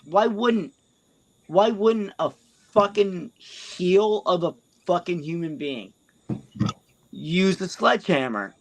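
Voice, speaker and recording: Brief: rambling, profane male co-host, slow and higher-pitched. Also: lively intonation, slight background noise. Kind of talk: casual podcast banter.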